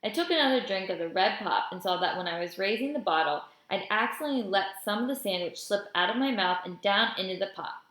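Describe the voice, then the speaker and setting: A woman reading a children's novel aloud in a steady first-person storytelling voice. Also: mid-range voice, quick pace, hardly any pauses. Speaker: audiobook reader. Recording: roomy echo.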